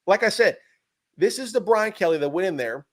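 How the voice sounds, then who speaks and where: Young guy on a sports podcast, fired up and ranting, kinda high voice, mocks people a lot. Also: animated, fairly quick. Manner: fired-up, ranting, mocking impressions. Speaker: podcast co-host. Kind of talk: heated sports podcast rant.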